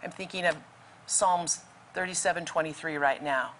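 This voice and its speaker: A woman's voice: low-pitched, normal speed, a bit bright, a little hiss or hum. A woman guest telling a faith story vividly, acting out the dialogue in it. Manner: vivid, acts out quoted dialogue. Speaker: guest author. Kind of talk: storytelling testimony.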